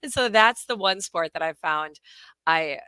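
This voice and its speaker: Bright, lively woman co-host, dry sound. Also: lowish voice, measured pace, smooth, no room sound. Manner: lively, storytelling, self-deprecating. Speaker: podcast co-host, mother and youth coach. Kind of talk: casual chat.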